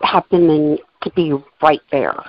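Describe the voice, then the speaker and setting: A woman with a fairly low voice co-hosts a casual podcast chat, walking through notes and transcripts in a methodical way. The sound is dry and close, and the recording is dull and lo-fi. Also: unhurried, dry recording. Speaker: podcast co-host.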